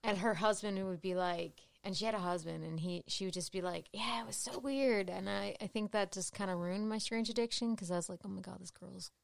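A woman's voice: mid-range voice, fairly quick, creaky, hardly any pauses, no room sound. A woman in casual chat, reacting with disbelief and laughter, blunt and swearing freely.

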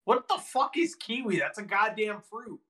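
A man's voice: high voice, animated, moderate pace, bright, forceful tone. A man co-hosting a podcast, answering quiz questions and arguing in a cocky, joking way. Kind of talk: casual chat.

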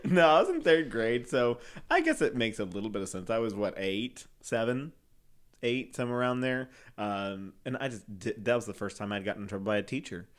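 Lively young man telling stories on a podcast. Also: brisk. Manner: animated storyteller, laughs often, acts out quotes in high voices. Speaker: podcast co-host. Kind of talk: casual chat.

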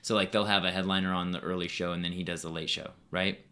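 Comedian guest: man with a deep, bright voice who rambles through stories on a podcast. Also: level tone, fast talker. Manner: rambling storyteller, many fillers. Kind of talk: casual podcast chat.

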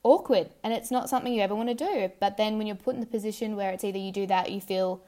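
A woman's voice: mid-range voice, very fast, dark tone. Thoughtful young Australian woman host. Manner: thoughtful, rambling with fillers. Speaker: podcast host. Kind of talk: casual podcast chat.

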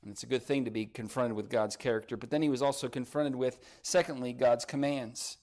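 A man preaching a sermon, rising to emphatic peaks and dropping to quiet, soft passages, and reading scripture aloud. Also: mid-range voice, steady tone, a little fast. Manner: reads scripture in old-style phrasing. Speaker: pastor.

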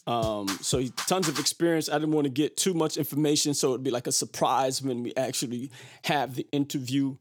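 A man hosting a podcast, chatting casually in an animated, rambling way with lots of fillers. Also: mid-range voice, brisk, no room sound, studio quality, faint music behind. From Brooklyn. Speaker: podcast host. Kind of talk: casual chat.

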